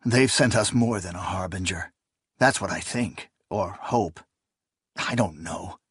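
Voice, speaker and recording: A man's voice: unhurried, husky, dry recording, clean studio sound, heavily acted. Man playing a brooding, guarded scholar. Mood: earnest. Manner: low, subdued, guarded. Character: weary, brooding male scholar. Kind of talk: audiobook character voice.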